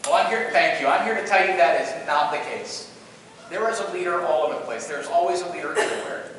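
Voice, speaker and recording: High-voiced playful man in an echoey hall. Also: quick pace, recorded from a distance. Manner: animated, playful, joking with the audience. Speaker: keynote speaker. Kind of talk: storytelling conference presentation. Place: large conference hall. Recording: echoey hall, picked up from afar.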